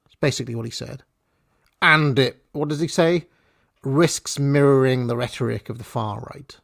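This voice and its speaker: A man's voice: mid-range voice, normal speed, gravelly, fairly bright tone, no room sound, studio quality. A man giving blunt, irreverent political commentary in a casual, profane rant.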